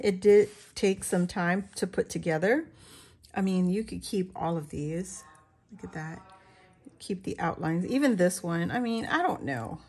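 A woman crafting vlogger talking casually to her viewers as she shows her handmade pieces, chatty and quick to laugh. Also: fairly low pitch, darkish tone, husky. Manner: chatty, laughs often, talks to viewers while showing her work.

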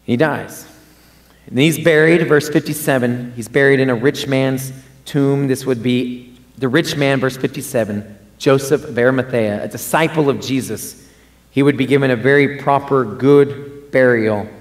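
A man's voice: medium pitch, moderate pace. A man preaching a sermon in a conversational way, often repeating and restarting words and rising for emphasis.

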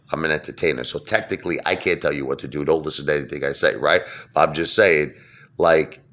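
A man's voice: very deep voice, fairly bright tone. A man rambling casually to camera about stocks, chatty with lots of fillers and restarts. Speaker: stock market vlogger.

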